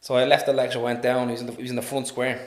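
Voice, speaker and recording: A man with a Dublin accent, a podcast guest telling stories in a casual, animated way, laughing and swearing often. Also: mid-range voice, very fast. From Ireland. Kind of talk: casual storytelling. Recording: roomy echo.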